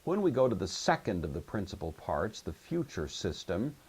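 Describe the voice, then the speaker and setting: A man with a low, slightly husky voice gives a patient grammar lecture. He walks through each rule step by step and stops to check that his listeners follow. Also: sing-song, normal speed, a little mellow. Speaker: Greek teacher. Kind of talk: recorded classroom lecture.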